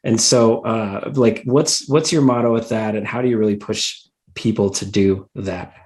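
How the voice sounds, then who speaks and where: A man's voice: fairly low pitch, steady tone, normal speed, a little mellow. A man hosting a podcast over a video call, asking long, rambling questions full of fillers. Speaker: podcast host. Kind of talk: casual interview chat.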